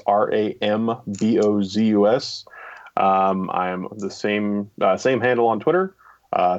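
A man's voice: lowish voice, highs cut off. A man chatting as a podcast guest, dry and self-mocking. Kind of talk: casual chat.

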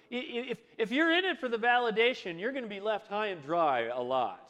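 A man's voice: high voice, expressive, brisk, a bit bright, in a large hall. A man preaching a sermon in a conversational way, full of rhetorical questions. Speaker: pastor.

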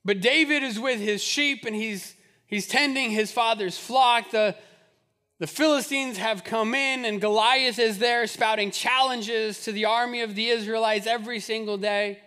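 A man's voice: extremely high pitch, steady tone, normal speed, sharp tone, big-room sound. A man preaching a sermon, who speaks in a conversational, humorous way and builds to fervent repetition. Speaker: pastor.

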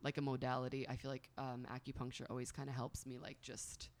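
A woman's voice: rumbling low, completely flat delivery, quick pace. A woman in her thirties, reading oracle cards aloud and chatting casually, with many filler words. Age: 30s. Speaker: tarot and oracle card reader. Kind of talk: casual chat and card reading.

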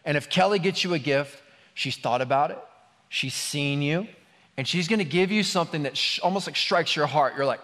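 A man's voice: a little high, normal speed, a bit bright. A married man preaching a sermon, talking casually and joking with the congregation before praying and reading scripture. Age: adult, married. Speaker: pastor. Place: large hall with an audience. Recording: long hall reverb.

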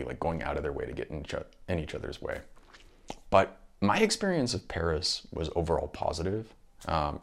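A man's voice: low-pitched, gravelly. A man talking through his thoughts in a casual monologue, rambling and restarting often.

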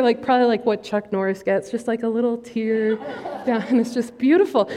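A young woman pastor giving a humorous, chatty sermon in a church, laughing often as she tells stories. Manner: chatty, laughing often, rising to high squeals. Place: church sanctuary. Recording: long hall reverb.

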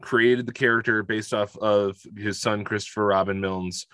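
Male co-host, bright and forceful, playful, self-correcting chatter, dry close sound. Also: lowish voice, smooth, dry recording. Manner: animated, joking, quick to correct himself. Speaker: podcast co-host. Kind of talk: casual chat.

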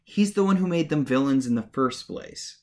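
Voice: medium pitch, expressive, normal speed, a little mellow. A podcast co-host recapping a show in casual chat, wry, mocking the characters in little put-on voices. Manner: wry, mock-voices characters when retelling.

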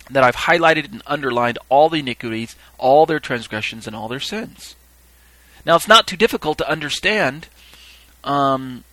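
A man reading scripture aloud and teaching on it, stressing key words slowly and breaking off into halting asides. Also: medium pitch, bright, forceful tone, no echo, low-quality recording. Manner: halting asides with fillers and restarts. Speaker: Bible teacher.

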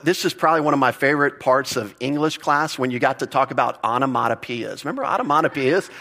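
A man's voice: medium pitch, fast talker, sharp tone. A man teaching through a Bible passage in a conversational way, often repeating words and putting questions to his listeners. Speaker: pastor.

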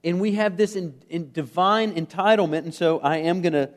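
A man's voice: sits high, moderate pace. A man from the United States preaching a sermon, earnest and emphatic, putting questions to the congregation, with fillers and restarts. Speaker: pastor.

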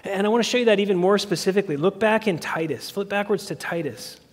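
Male pastor preaching, earnest, keeps asking the listeners questions; high voice, echoing hall. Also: quick pace, slightly rough. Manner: earnest, asks the congregation questions. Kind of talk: sermon.

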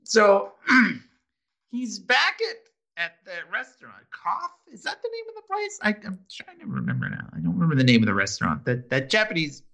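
A man's voice: high-pitched, huge pitch swings, normal speed, vocal fry, sharp tone. A man co-hosting a casual chat, recapping a TV episode, laughing often and restarting his sentences. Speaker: podcast co-host.

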